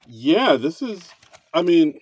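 A man co-hosting a casual comedy podcast, chatty and rambling, quick to laugh. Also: fairly high pitch, very animated, breathy edge, dry recording. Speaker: podcast co-host.

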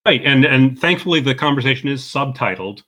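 A man's voice: lively intonation, fairly quick, sharp tone. A man co-hosting a casual podcast, recapping a comedy movie in a playful, jokey way and acting out lines. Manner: playful, jokey, acts out quotes in high voices. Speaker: podcast co-host.

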